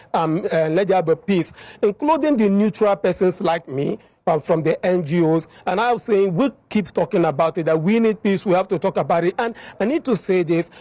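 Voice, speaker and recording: A man's voice: high voice, dark tone, dry recording. A man, an NGO representative answering a reporter's questions in an insistent way and repeating key words for emphasis. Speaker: NGO representative interviewed at a town hall. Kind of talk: earnest on-the-spot interview answers.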